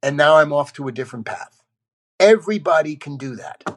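A fairly high-pitched man talks a bit fast as an actor guest on a podcast. Bluntly and animatedly, he tells candid stories, swearing in an offhand way.

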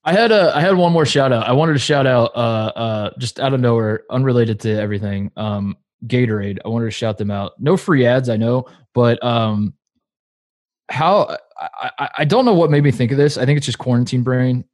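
A man's voice: medium pitch, normal speed, a little mellow, no echo. A man co-hosting a casual podcast, rambling with lots of fillers and laughing easily. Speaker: podcast co-host. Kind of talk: casual chat.

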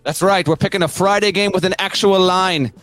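A man's voice: sits high, steady tone, a little fast, a bit bright, faint music behind. A man co-hosting a sports podcast in a put-on Australian accent, joking as he rattles off game listings. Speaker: podcast co-host. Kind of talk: casual sports podcast chat.

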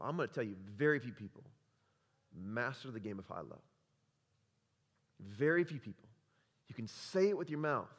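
A male pastor preaching a sermon, emphatic and conversational, quizzing the congregation with repeated questions. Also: on the high side. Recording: long hall reverb.

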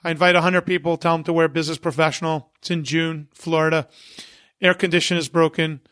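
A man, an event promoter, telling lively stories as a guest on a podcast and acting out what people said. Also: fairly high pitch, quick pace, clean tone, dry recording, clean studio sound. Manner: animated anecdote-teller who acts out quotes. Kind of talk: casual interview storytelling.

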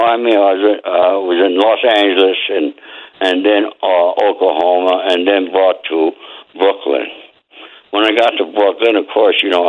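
An older man telling blunt, streetwise stories as a guest on an interview show, swearing freely. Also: low-pitched. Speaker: guest, former mob associate and author. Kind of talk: storytelling interview. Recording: phone line.

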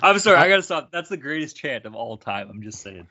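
A man hosting a casual sports podcast, energetic and swearing freely. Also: a little high, quick pace, muffled recording. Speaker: podcast host.

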